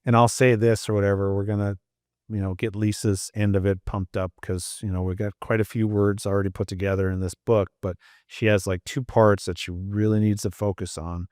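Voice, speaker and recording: A man's voice: fairly low pitch, level tone, a little fast, a little mellow, no echo, studio quality. A man with a Canadian accent co-hosting a podcast in casual chat, rambling along with many fillers and restarts. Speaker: podcast co-host and mindset coach.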